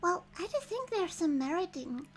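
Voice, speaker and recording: Woman reading cheeky young heroine, high and lively. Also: normal speed. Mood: eager. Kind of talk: reading game dialogue aloud.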